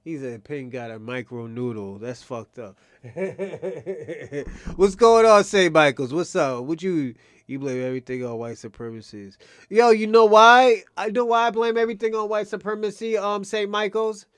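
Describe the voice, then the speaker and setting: Male streamer host, high voice, dead-dry sound, rambling profane riffing at chat regulars. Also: normal speed, smooth, no echo. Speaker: livestream host. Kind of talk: casual livestream commentary addressing chat.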